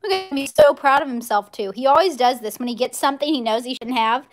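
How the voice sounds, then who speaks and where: Young woman, high voice, bubbly and chatty, home kitchen, phone on tripod. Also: fast talker. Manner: bubbly, chatty, talks to viewers and her dog. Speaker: cooking livestream host. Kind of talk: casual live cooking chat.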